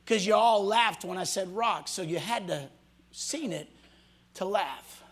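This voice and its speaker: A male pastor preaching a sermon to a congregation, swinging from loud shouts to hushed near-whispers and acting out the voices of people he quotes. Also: high voice, unhurried, husky. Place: church hall before a congregation.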